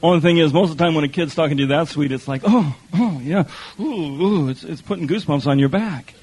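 Man, pastor, high voice, animated sermon, reads scripture in put-on voices, radio sound. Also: racing, low-quality recording.

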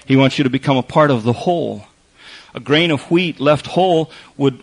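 A man's voice: medium pitch, moderate pace, poor audio. A man preaching a sermon in a conversational way, repeating phrases for emphasis and slipping in wry asides. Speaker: pastor.

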